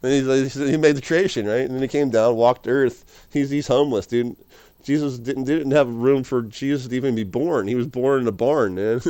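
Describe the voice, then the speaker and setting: Man, rambling vlog monologue, slangy, laughs a lot, dry close sound, mid pitch. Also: normal speed, dark tone, smooth, dry recording. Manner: slangy, laughs often, calls listener dude and man. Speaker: vlogger.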